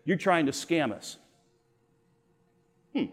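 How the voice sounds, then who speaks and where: A man's voice: a little high, lively intonation, slow pace, slightly rough. A middle-aged man teaching a Bible lesson to teenagers at a camp, telling personal stories and acting out the voices he quotes. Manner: storytelling, acts out quoted voices. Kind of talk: animated youth Bible lesson.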